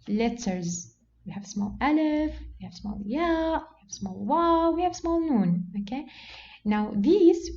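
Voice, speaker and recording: A woman teaching a Quran reading lesson, patient and explanatory, who often says okay and slows down to model words. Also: fairly high pitch, mellow. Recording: dull lo-fi sound with faint background noise.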